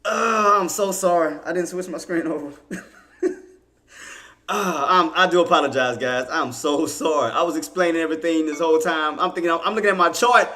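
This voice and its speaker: A man's voice: on the high side, sharp tone. A man streaming casual live commentary on stock charts. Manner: laughing, apologetic, casual. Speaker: trading streamer.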